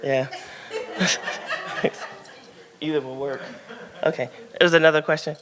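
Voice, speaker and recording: A woman's voice: low voice, fairly even intonation, slow, crowd noise. A candid woman author chats with her audience at a live book event, laughing easily and telling stories full of ums and likes. Her voice carries a long reverb from the hall around her. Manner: frank, chatty and laughing, tells stories with lots of fillers. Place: event room at a book launch.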